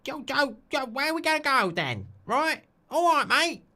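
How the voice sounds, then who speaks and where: A cheeky Essex lad , as a man puts him on, throwing out loud, chirpy greetings. His pitch leaps far above the man's own voice and he pushes the volume up. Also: sing-song, moderate pace, full character voice.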